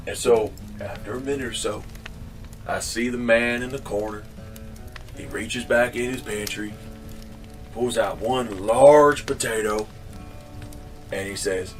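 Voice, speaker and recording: A man's voice: fairly low pitch, unhurried, pauses often, distant mic. Man, casual storyteller, rambling, mild swearing, set back from the mic, faint music behind.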